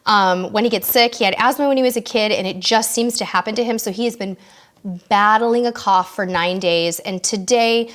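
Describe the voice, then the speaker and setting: A woman's voice: mid-range voice, moderate pace, a bit bright. A woman hosting a casual live-stream Q&A, reading out viewers' questions and answering them in a friendly, chatty way. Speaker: host of a live cruise Q&A.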